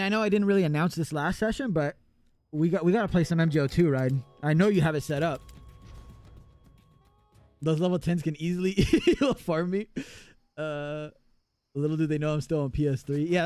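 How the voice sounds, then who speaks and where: A man chatting casually on a live gaming stream, excitable and profane, laughing often. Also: a little high, fairly quick, long pauses, faint music behind.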